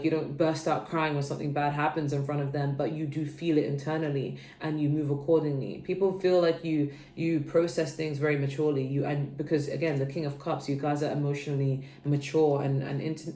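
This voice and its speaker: A woman's voice: sits low, warm tone. A young woman giving a casual, chatty tarot reading to her viewers, rambling and checking in with "okay" often. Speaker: tarot reader. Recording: roomy echo.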